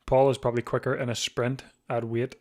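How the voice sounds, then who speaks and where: A man's voice: medium pitch, level tone, darkish tone. A man hosting a live watch-along of a bike race, chatting casually with frequent restarts, sleepy and yawning. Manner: chatty, thinks aloud with restarts, quick to laugh. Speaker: live stream host.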